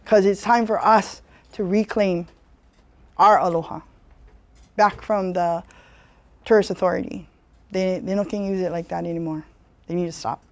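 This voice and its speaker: A woman's voice: on the low side, steady tone, normal speed, pauses often, a little mellow. A woman from Hawaii with a Hawaiian Pidgin-tinged accent gives a community talk in an earnest, conversational way. She tells stories and keeps checking in with "you know.". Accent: Hawaiian Pidgin-tinged English. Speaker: speaker giving a community presentation.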